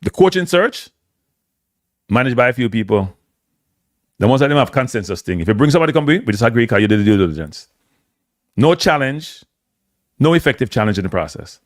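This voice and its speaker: Here a Jamaican-accented man offers his own forceful take on football, alone on the mic, drilling his points in through repetition and dropping into patois. His medium-pitched voice is sing-song and brisk, with frequent pauses, captured in clean studio sound without echo.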